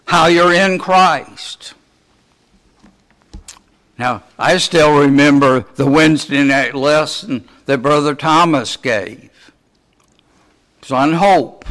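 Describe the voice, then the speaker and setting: Male preacher, slightly high voice, slow measured delivery, rhetorical questions. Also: a bit bright. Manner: asks the congregation many rhetorical questions. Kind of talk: sermon.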